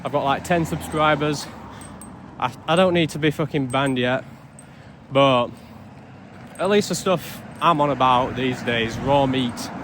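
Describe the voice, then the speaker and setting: A young man rants straight to camera in a casual vlog, blunt and sarcastic, swearing often. His voice sits at an ordinary middle pitch. Faint traffic and street noise hum in the background. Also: measured pace, pauses often. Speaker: vlogger.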